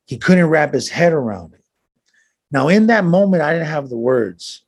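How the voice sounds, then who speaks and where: Husky man telling his story earnestly. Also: fairly high pitch, big pitch swings, normal speed. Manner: earnest, reflective, frequent restarts and slang. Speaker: interview guest. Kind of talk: personal storytelling.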